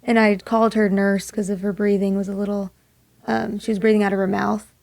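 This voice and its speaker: A young woman from Maui tells a personal story as a guest in an interview. Her voice carries a strong gravelly fry, and she speaks softly, often slipping into a near-whisper for quoted thoughts. The sound is dry and close, with no room around it. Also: medium pitch, little pitch movement, brisk, dry recording. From Maui, Hawaii. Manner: soft-spoken, drops to a hush for quoted thoughts. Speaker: singer-songwriter guest.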